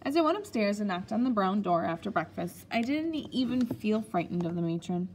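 A woman's voice: medium pitch, very animated, fairly quick, darkish tone, slight background noise. A woman reading a children's memoir aloud at an easy pace, with a few small slips. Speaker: audiobook reader. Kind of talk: storybook narration.

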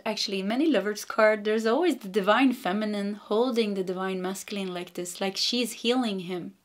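A woman with a Swedish accent giving a casual spiritual tarot reading, meandering and giggly, gently reassuring. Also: mid-range voice. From Sweden. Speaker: tarot card reader.

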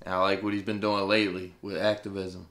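A podcast co-host talking in casual chat with a fairly low, steady voice, blunt and profane as he waves things off. The room around him rings with a noticeable echo. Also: quick pace. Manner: blunt, profane, dismissive banter. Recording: roomy echo.

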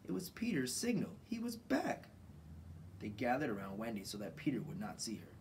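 Relaxed man reading a children's story. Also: mid-range voice, normal speed, far from the mic, slight background noise, poor audio. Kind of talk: reading a children's book aloud. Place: home garage workshop.

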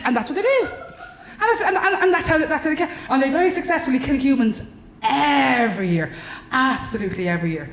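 Irish female stand-up, fairly high, sweary and animated, live in an echoey room. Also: fast talker, a little hiss or hum. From Ireland. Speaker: stand-up comedian. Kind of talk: stand-up comedy. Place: comedy club stage. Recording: roomy live venue.

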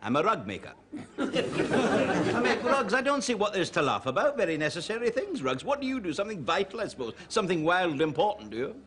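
A man's voice: high voice, sing-song, crowd noise, background noise. A man playing a prickly Scottish rug maker. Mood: indignant. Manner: indignant, quick to take offence. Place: television studio before an audience.

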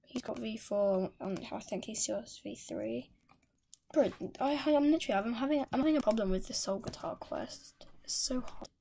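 A woman giving live gameplay commentary, excitable and exasperated, ranting at the game. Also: a little high, normal speed, gravelly, background noise. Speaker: gamer. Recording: loud game music behind the voice. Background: loud game music.

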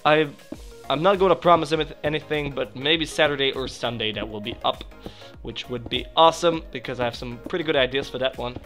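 A young man commentating a video game he is playing, chatting to viewers and yelping loudly whenever something goes wrong. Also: medium pitch, fairly quick, soft background music. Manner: excitable, yelps and shrieks when startled. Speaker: gaming channel host. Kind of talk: let's play commentary.

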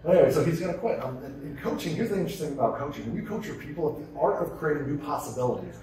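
A man giving a conference keynote, energetic and conversational, firing off rhetorical questions to the audience. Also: fairly high pitch, rapid-fire. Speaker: keynote speaker. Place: large conference hall. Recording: echoey hall, distant mic.

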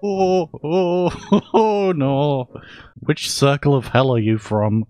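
A man riffs sarcastically over gameplay footage, his pitch sitting a touch high and bouncing lively from line to line. He takes his time with each joke, an unhurried delivery broken up by frequent laughter. Faint music plays behind him. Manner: sarcastic, joking, laughs often. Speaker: gaming YouTuber. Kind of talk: edited gameplay commentary.

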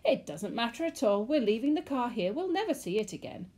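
A woman doing a frantic shouting bald man. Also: medium pitch, big pitch swings, normal speed, slightly rough. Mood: panicked shouting. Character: panicky short bald middle-aged man fleeing.

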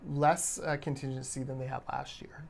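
A man's voice: medium pitch, flat delivery, normal speed, gravelly. A man co-hosting a casual discussion podcast, giving pointed, conversational commentary. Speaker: podcast co-host.

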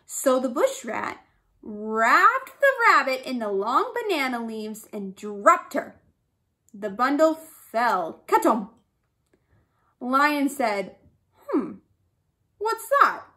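A woman's voice: on the high side, sing-song, takes it slowly, pushed and bright. A woman reading a folk tale aloud expressively, adding sound effects. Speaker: storyteller.

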